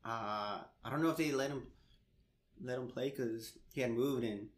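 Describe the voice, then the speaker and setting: This young man tells stories in a loose, animated way, with lots of laughs and casual swearing. His voice sits at a middle pitch. It bounces around an echoey room. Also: moderate pace. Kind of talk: casual chat.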